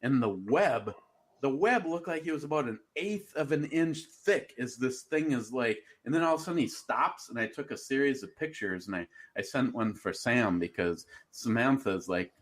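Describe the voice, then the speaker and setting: A man co-hosts a casual radio chat. He rambles through stories and curses freely. His voice rises and falls across a wide range at an ordinary mid pitch. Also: expressive, moderate pace. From Minnesota. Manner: rambling storyteller, swears freely.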